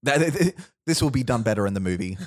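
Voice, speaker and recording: A podcast host with a mid-range voice and lively intonation is pitching a film idea through a long, casual story. He rambles, restarts, laughs often and tosses in quick asides. The studio sound is clean, with no room sound.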